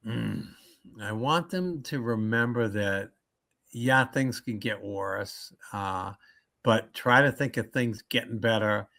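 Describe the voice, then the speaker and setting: Man, comedian, podcast guest, bright forceful voice, animated storyteller, restarts sentences. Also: lowish voice, slow, vocal fry. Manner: animated storyteller who acts out quoted people; frequent restarts and stammers when thinking. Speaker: comedian and motivational speaker. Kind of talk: casual podcast interview.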